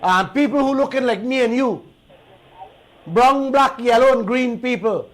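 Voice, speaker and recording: A man with a Guyanese accent hosting a radio talk show, telling stories in an animated, indignant way and repeating himself. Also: very high voice, a little slow, low-quality recording. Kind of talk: heated talk radio monologue.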